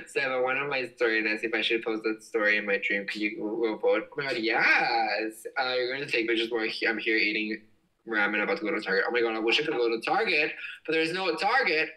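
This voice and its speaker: A young man hosting a casual livestream, reading viewer comments aloud with excitable, giggly exclamations. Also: mid-range voice, fairly quick, far from the mic, rough recording. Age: young adult. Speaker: livestream host. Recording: voice slightly off-mic.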